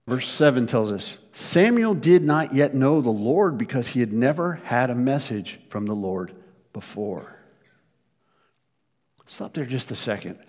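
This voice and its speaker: A man preaching a sermon as pastor, telling stories in an animated way with frequent repeated words. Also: medium pitch, normal speed. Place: church. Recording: long reverb of a church hall.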